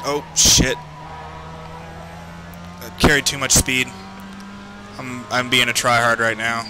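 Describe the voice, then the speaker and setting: A man commentating his own sim race, swearing and yelling at other drivers, his heart racing. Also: medium pitch, flat delivery, slow pace. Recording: game music underneath. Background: game music and engine noise.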